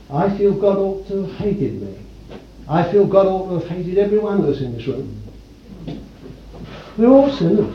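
A man preaching a sermon to a congregation in a room, swinging from loud declarations to hushed asides. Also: on the high side, lo-fi sound, a little hiss or hum.

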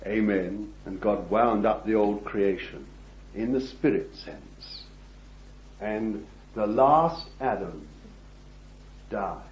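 A man preaching a sermon, reading scripture and addressing his listeners as beloved, swinging from hushed words to loud ones. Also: lowish voice, animated, slow, long pauses. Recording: dull, echoey old recording.

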